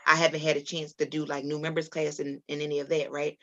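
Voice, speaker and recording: Low-voiced woman telling a personal story. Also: level tone, quick pace, sharp tone. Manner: rambling, earnest, many ums and restarts. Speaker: podcast guest. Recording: dull lo-fi audio.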